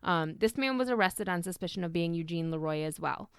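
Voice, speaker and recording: A woman's voice: lowish voice, lively intonation, a little fast, clean tone, no echo, clean studio sound. A young adult woman hosting a podcast, telling a true crime story in a casual, chatty way, swearing and wandering off on tangents. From Michigan. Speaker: podcast host.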